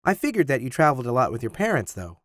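A man's voice: mid-range voice, wildly swooping pitch, fast, a bit bright, no echo, clean studio sound. A man reading the part of a playful teenage boy who teases his friend. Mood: teasing. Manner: teasing.

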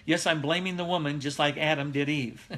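A middle-aged man preaches in a relaxed, chatty way, reading viewer comments aloud and laughing often. His voice sits a little high and rings bright and forceful. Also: moderate pace. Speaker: pastor. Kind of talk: casual live-streamed Bible teaching.

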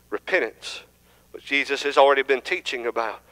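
A man's voice: mid-range voice, normal speed, bright, forceful tone, poor audio. A man preaching a sermon in a church, teaching conversationally and asking the congregation questions. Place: church sanctuary.

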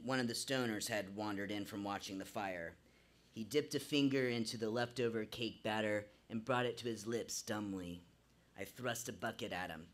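A man's voice: on the low side, fairly bright tone. A man performing a live true story on a small venue stage, narrating vividly and theatrically into a stage microphone.

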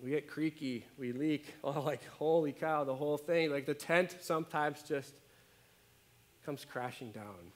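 A man preaching a sermon as pastor, conversational and animated, often checking in with his listeners. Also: a little high, unhurried. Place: church.

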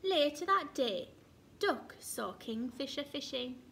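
A woman teacher reading a picture book aloud to young children with slow, expressive storytelling. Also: high-pitched, gravelly.

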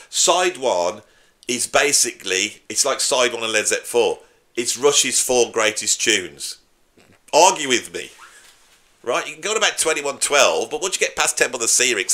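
A man's voice: mid-range voice, pushed and bright. A man, a drummer hosting his own channel, talking casually and opinionatedly to camera with a joking edge. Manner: chatty, opinionated, jokey. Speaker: YouTube host and drummer.

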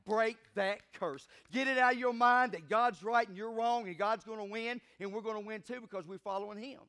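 Preacher guy, high bright voice, fired up, calls for amens, gets loud on the big lines. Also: a little fast. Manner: fervent, rising to loud emphatic peaks; calls for congregation responses. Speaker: pastor. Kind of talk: sermon.

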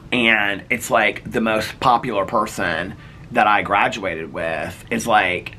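A man's voice: on the low side, takes it slowly, sharp tone, slight background noise. A middle-aged man from Indiana, a vlogger telling personal stories in a chatty, earnest way with lots of "like.". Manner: chatty, earnest, heavy use of "like". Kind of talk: casual personal storytelling.

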